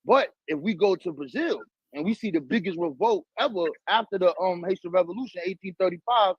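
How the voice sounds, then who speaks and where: Bronx-raised New York man, high voice, slangy and animated, dull dry lo-fi recording. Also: a little fast, husky, no echo. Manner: streetwise, profane, animated storytelling. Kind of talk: casual conversation.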